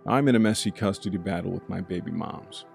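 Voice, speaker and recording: A man's voice: low voice, a little fast, creaky, a little mellow, faint music behind. A man voicing a cheery, open young male coffee shop worker in a spoken bedtime story. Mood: casual.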